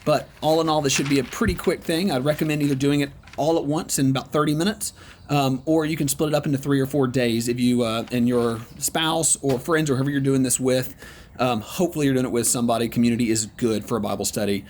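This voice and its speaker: A man's voice: medium pitch, fairly even intonation, fast talker, darkish tone, a little hiss or hum. Encouraging man leading a Bible study. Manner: conversational, encouraging, frequent ums. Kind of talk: guided online Bible study lesson.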